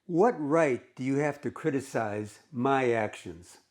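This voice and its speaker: A man's voice: mid-range voice, unhurried, a little mellow, natural voice. A proud old man who huffs and bristles whenever his dignity is challenged, with a stiff and pompous manner, as a man reading aloud puts him on. The delivery is a plain classroom reading. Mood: huffy. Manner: huffy, pompous. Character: proud, grumpy old man on a park bench.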